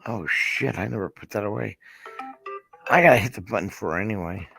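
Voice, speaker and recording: A man's voice: fairly low pitch, fairly quick, vocal fry, fairly bright tone, faint music behind. A man chatting casually, blunt and swearing often. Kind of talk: casual chat.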